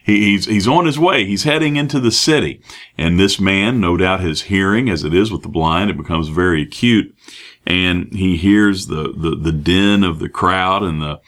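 A man preaching a sermon, reading scripture and explaining it with many pauses, fillers and restarts. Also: deep voice, fairly bright tone. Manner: halting, many fillers and restarts, acts out quoted voices.

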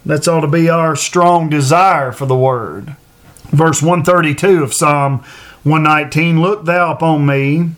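A man with a notably high voice preaches an earnest sermon. He repeats phrases to drive points home and slows right down to read scripture aloud. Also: steady tone, fairly bright tone. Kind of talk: sermon on a Bible passage.

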